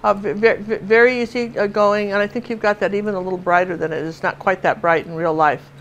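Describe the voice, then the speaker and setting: A woman's voice: mid-range voice, fairly even intonation, fast talker, a little hiss or hum, low-quality recording. An older woman from Washington State giving a chatty live painting lesson, telling stories and laughing as she works. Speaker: painting teacher.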